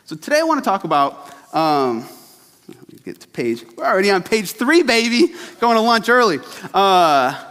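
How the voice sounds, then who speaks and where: A man's voice: sits high, sing-song, moderate pace, a bit bright, clear, resonant tone. A young man, a youth pastor, preaching a sermon in a church in a casual, laughing storytelling way. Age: young adult. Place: church sanctuary. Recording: hall reverb.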